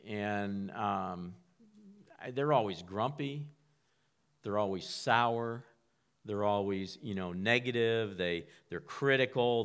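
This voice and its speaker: A man's voice: lowish voice, measured pace, smooth. A man preaching a sermon in a conversational way. He often repeats and restarts words and sometimes whispers a line to act out an inner voice. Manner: acts out inner voices, whispers a quiet prompt.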